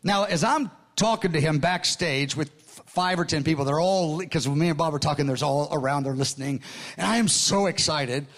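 High-voiced older man preaching. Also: moderate pace. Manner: excited, earnest storytelling with frequent restarts. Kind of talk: sermon storytelling.

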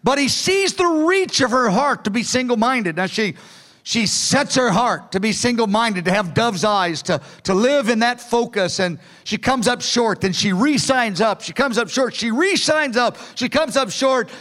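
High-pitched earnest male preacher. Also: animated, normal speed, fairly bright tone. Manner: earnest, pleading, acts out quoted lines with rising pitch. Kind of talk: sermon teaching from notes.

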